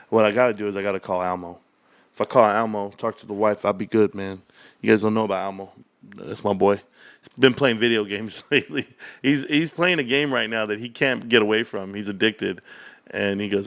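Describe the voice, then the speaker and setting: A man's voice: fairly low pitch, fairly quick, creaky, fairly bright tone. A middle-aged man chatting casually with his livestream viewers, rambling and calling them bro. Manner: rambling, talks to viewers as bros. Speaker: stock market YouTuber.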